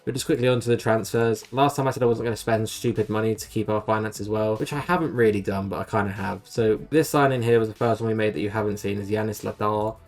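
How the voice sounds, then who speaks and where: A young man rattles through his game commentary at a quick clip, his voice sitting fairly low. He talks in a chatty, rambling way and pokes fun at his own choices. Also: steady tone, darkish tone. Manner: rambling, self-deprecating, chatty. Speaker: gaming YouTuber.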